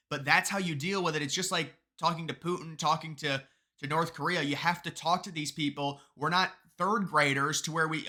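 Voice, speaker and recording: A man giving casual, opinionated political commentary, often mocking, with quick asides and restarts. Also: on the high side, steady tone, bright, forceful tone.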